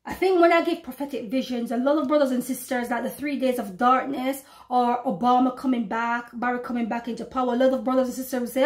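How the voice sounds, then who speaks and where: A woman with a high, bright-pitched voice preaches to her online followers with fervent conviction. She presses her points emphatically and draws out her words whenever she reads scripture aloud. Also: fairly even intonation, fast talker, few pauses. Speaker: prophetic YouTube preacher. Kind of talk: preaching to camera.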